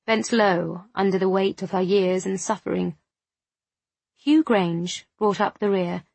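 A woman narrating an audiobook in a measured, even way. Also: mid-range voice, no room sound.

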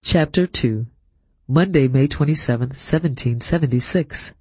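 A man narrating an audiobook in a steady, measured storytelling manner. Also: medium pitch, creaky, breathy edge, no room sound. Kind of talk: scripted narration.

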